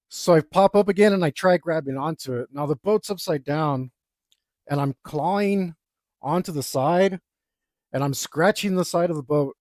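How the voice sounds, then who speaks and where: A man's voice: a little high, moderate pace, a little mellow, no room sound, studio quality. A young man casually telling a rambling, self-deprecating story, with lots of fillers, while he draws. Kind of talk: casual anecdote while drawing.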